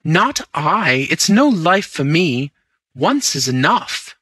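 A man voicing an excitable, overwrought young male sidekick in an audiobook, speaking in an agitated, raised voice. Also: fairly high pitch, slow pace, no echo, voice pushed up.

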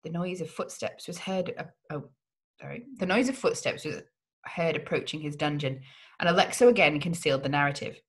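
A woman's voice: sits low, a little fast. Woman dramatically reading a gothic novel. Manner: dramatic reading with occasional slips. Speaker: read-along host.

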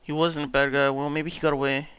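A man reacting to a story game with loud, profane, emotional outbursts as he plays. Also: a little high, little pitch movement, quick pace, clean tone. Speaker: gaming channel host. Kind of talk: let's play reaction commentary.

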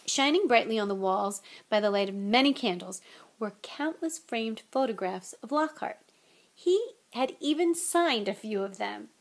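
A woman reading a novel aloud in an expressive way, with relaxed, chatty asides to her listeners. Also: a little high, normal speed. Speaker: audiobook reader.

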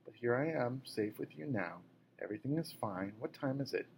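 A man reading aloud as an injured, tired mother who speaks softly to her daughter. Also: mid-range voice, animated, moderate pace, creaky, a little hiss or hum, poor audio. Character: injured, tired but brave mother, gentle. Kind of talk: audiobook reading.

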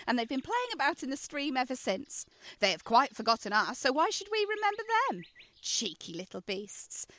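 Woman playing a high, lively young daughter. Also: heavily acted. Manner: coaxing, bright and affectionate. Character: eager young daughter, playful and adoring. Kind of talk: amateur radio play acting.

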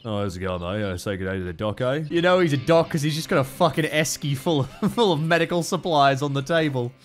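A young Australian man giving excitable, foul-mouthed let's play commentary. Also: fairly high pitch, fast talker, faint music behind. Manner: excitable, swears a lot, laughs often. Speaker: gaming YouTuber.

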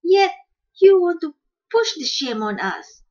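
A woman's voice: medium pitch, very animated, normal speed, a little mellow, breathy edge, highs cut off. A woman voicing a quarrelsome female shrew mother who screeches defiant denials, in a storybook reading. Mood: screeching.

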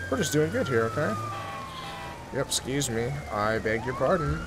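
A young man giving goofy, excitable commentary over his own video game playthrough, joking with his viewers. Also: mid-range voice, moderate pace, background noise. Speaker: gaming YouTuber. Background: game music and sirens.

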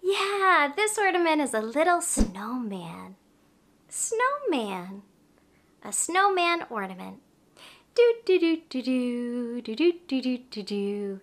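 A woman in her thirties hosting a children's educational video, with an animated, slow and clear sing-song delivery for toddlers. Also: sits high, a little hiss or hum. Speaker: preschool teacher host.

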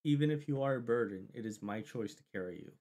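A man's voice: mid-range voice, quick pace, dark tone. A man playing a tabletop role-playing game, describing his character with hesitant fillers. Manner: hesitant, many uhs. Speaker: player. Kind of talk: casual tabletop role-play.

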